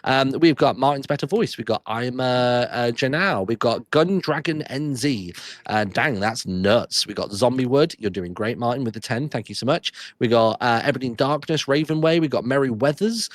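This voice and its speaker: A man hosting a charity livestream, reading out donor names one after another with quick thanks and little asides. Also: medium pitch, no room sound. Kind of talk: live donation readout.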